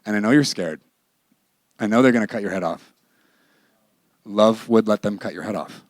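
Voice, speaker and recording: A man's voice: on the low side, moderate pace, no room sound, studio quality. A man teaching a ministry class in a candid, emphatic, conversational sermon style. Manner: emphatic and candid, with bursts of laughter.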